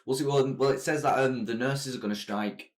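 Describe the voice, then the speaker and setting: A young man co-hosting a podcast in casual chat, quick and laughing, steering with questions. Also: mid-range voice, steady tone. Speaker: podcast co-host.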